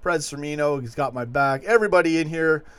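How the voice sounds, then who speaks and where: A man hosting a late-night fan livestream, rambling and animated as he reads viewer comments. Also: fairly high pitch, a little fast, smooth. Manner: rambling, animated, chuckling asides. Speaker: host of a fan call-in show.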